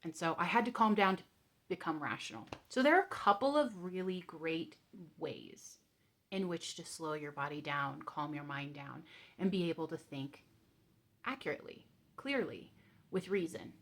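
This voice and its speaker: Woman vlogger, lowish voice, gentle, candid storytelling into a calm guided exercise. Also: normal speed. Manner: candid and gentle, with frequent ums. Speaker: vlogger sharing coping tips.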